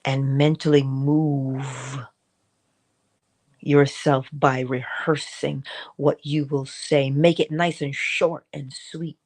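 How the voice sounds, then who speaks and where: A middle-aged woman hosting a morning inspiration talk, exhorting listeners with repetition and dramatic asides. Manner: expressive, swings between high acted asides and low soft remarks; repeats and exhorts, drawn-out emphasis. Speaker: host of a morning inspiration stream. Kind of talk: spiritual motivational talk.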